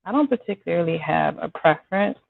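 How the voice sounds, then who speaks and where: A woman chatting with her viewers by name while she cooks in her home kitchen on a live stream, apologizing now and then as she clears a scratchy throat. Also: fairly low pitch, expressive, fairly quick, no room sound. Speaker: home cook hosting a live cooking stream. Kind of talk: casual live-stream chat while cooking. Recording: dry, tinny phone-like sound.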